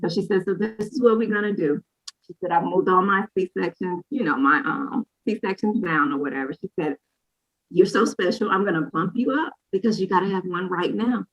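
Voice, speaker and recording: A woman's voice: fairly low pitch, normal speed, low-quality recording. A woman in her thirties, a podcast co-host, candidly telling a personal story in a rambling, casual way with frequent asides. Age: 30s.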